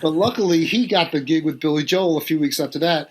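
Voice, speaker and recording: A middle-aged man tells a story as a podcast guest, switching into lively voices as he quotes other people. His speaking voice sits on the higher side for a man. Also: fast. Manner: animated anecdote-telling, quotes others in varied voices. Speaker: guest drummer.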